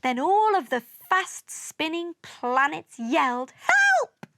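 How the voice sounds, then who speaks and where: A woman reads a rhyming children's storybook aloud in an expressive, sing-song manner. Her voice is high and very lively, and she takes her time. The sound is close and dry. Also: slow pace, dry recording. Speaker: narrator. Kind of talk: storybook read-aloud in rhyme.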